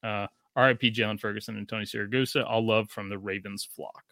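A man's voice: fairly low pitch, fast, gravelly, no echo, studio quality. A man in his thirties, a podcast host, reading a listener review aloud and joking in casual chat. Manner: joking, profane, animated.

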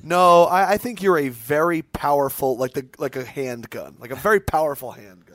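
A man's voice: a little high, brisk, a bit bright, no room sound. A man hosting a sports podcast in casual, joking chat, jumping from topic to topic. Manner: joking, jumps between topics. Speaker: podcast host.

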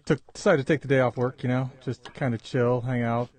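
A man with an ordinary mid-pitched voice tells a loose, easygoing story as a guest on a casual podcast. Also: fairly even intonation, fairly quick, a little mellow. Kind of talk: casual chat.

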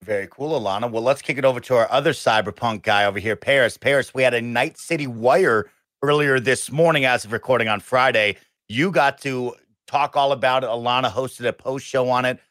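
A man's voice: medium pitch, brisk, fairly bright tone, dry recording. A man hosting a podcast, introducing guests in an upbeat, playful way. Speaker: host.

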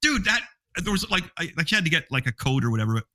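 An excitable man on a movie-review panel, his voice bright and forceful and pitched a little high. He laughs often and stumbles over repeated words. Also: rapid-fire. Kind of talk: casual panel chat.

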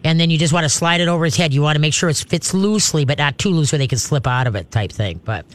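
A man's voice: a little high, lively intonation, quick pace. A man hosting a call-in radio show, giving dog training advice in a folksy, chatty way.

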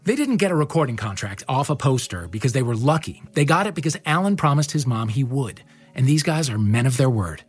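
A podcast host reads scripted narration in a measured, wry way. His husky voice rises and falls in lively swings. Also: medium pitch, faint music behind.

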